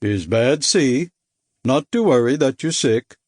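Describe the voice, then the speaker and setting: A man doing a gruff Baltic giant sailor. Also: medium pitch, animated, slow pace, no room sound, clean studio sound. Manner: broken clipped English, grunting. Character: hulking young Baltic sailor, blunt and gruff. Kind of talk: audiobook character voice.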